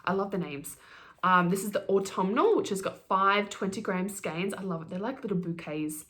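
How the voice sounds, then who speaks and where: A middle-aged woman hosting her knitting podcast, chatting quickly and gushing as she unboxes yarn. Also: mid-range voice, a bit bright. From Australia. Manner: gushing, fast-talking, giddy. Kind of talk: casual chat, yarn unboxing.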